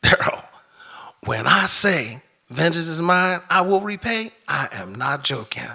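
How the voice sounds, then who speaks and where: A man voicing God, deep and unhurried. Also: sing-song, vocal fry, slightly rough, full character voice. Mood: patient. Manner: patient, gently teasing. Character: God, calm patient all-knowing male deity.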